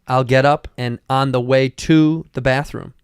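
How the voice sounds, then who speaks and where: A man telling blunt, deadpan stories in a casual podcast chat on a close studio mic. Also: mid-range voice, measured pace, clean tone, dry recording. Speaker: comedian.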